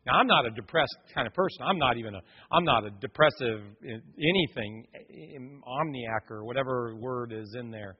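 A man's voice: medium pitch, moderate pace, few pauses, husky. A middle-aged man, a pastor, preaching a sermon and telling a personal story straight to his congregation. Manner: animated storytelling, addresses the congregation directly. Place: church sanctuary. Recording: long church reverb, dull muffled sound.

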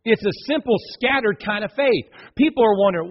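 A man preaching a sermon in a lively, conversational way, acting out quoted voices with playful emphasis. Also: extremely high pitch, brisk, few pauses, breathy edge, lo-fi sound. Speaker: pastor.

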